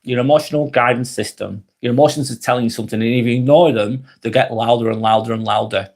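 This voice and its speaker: A man talks casually on a live stream, earnest and blunt, dropping swear words along the way. His sentences often stop and restart, and his voice sits at a middle pitch for a man. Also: flat delivery, fast talker, a little mellow. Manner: earnest, swears freely, many restarts and trailing phrases. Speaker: live vlog host reading chat comments.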